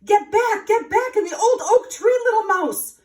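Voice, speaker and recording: Woman doing a shrill urgent little blue jay. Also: expressive, normal speed, darkish tone. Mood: alarmed. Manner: calling out urgently. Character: small male blue jay, urgent warner. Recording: roomy, from afar.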